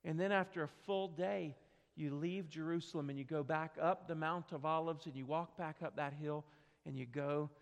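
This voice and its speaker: A man preaching a sermon, telling a story with dramatic swings from quiet to loud, in a church sanctuary. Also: fairly high pitch, steady tone, normal speed, gravelly. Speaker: pastor. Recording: long hall reverb.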